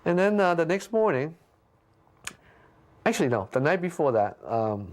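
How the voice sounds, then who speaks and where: A man being interviewed, casually telling a story with lots of restarts and stammers, jumping up in pitch when he acts out what people said. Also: moderate pace. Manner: lively anecdote with frequent restarts and stammers; acts out quoted lines with big pitch jumps.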